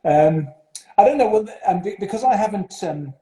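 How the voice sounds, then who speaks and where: A mellow-voiced man with a South African accent speaks as a headmaster in an interview. He hesitates often, with fillers and restarts, and his voice sounds echoey in a roomy space. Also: high voice, lively intonation, moderate pace. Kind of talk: interview over video call. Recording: roomy echo.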